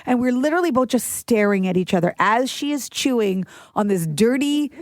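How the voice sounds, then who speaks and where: A woman co-hosting a podcast, telling stories in animated casual chat and acting out the quotes. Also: fairly high pitch, brisk, dry recording, studio quality. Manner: animated storyteller who acts out her quotes. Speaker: podcast co-host.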